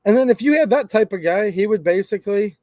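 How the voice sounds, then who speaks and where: A man's voice: sits high, animated, quick pace, warm tone, dry recording. A man hosting a gun rights channel, talking to camera in a rambling, emphatic, conversational way. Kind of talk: casual monologue to camera.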